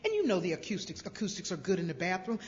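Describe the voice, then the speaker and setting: A woman from South Carolina telling her recovery story to a crowd, a lively storyteller who acts out voices with humor. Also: fairly low pitch, very fast. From Greenville, South Carolina. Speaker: recovery speaker. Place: large convention hall. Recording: dull lo-fi convention hall recording with long reverb.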